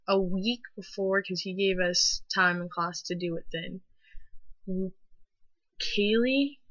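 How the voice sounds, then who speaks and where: A teenage girl rants to her camera, swearing freely and getting worked up. Her voice is bright and forceful, and the dry recording has a dull, lo-fi sound. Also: mid-range voice, no echo. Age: teens. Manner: angry, animated ranting with heavy swearing. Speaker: vlogger. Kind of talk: profane ranting storytime.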